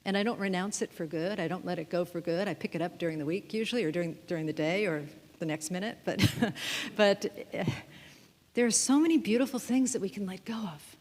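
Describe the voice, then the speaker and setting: A woman's voice: lowish voice, fairly quick, darkish tone. Chatty woman minister in an echoing church. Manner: playful, chatty, asks the congregation questions and laughs often. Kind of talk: sermon. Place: church sanctuary. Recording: long reverb of a hall.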